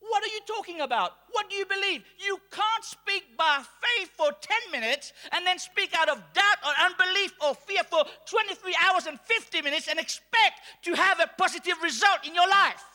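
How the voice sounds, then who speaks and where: A man from Mauritius preaching a sermon to a congregation, calling for responses and rising to shouts. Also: very high-pitched, moderate pace, few pauses. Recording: long hall reverb.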